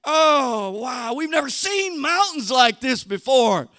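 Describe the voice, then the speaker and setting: A man voicing an excited ancient tourist who gushes at the scenery during a sermon. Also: very high voice, takes it slowly, dry recording, clean studio sound, voice pushed up, exaggerated voice. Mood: awestruck. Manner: gushing, exclaiming. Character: excited wide-eyed ancient tourist, middle-aged man.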